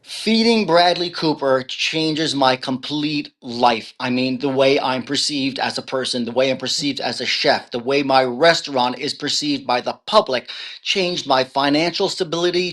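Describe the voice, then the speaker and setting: A male author on a video call, telling his story with big swings from hushed to loud and frequent laughter. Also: medium pitch. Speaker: author guest. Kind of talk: animated storytelling in an interview.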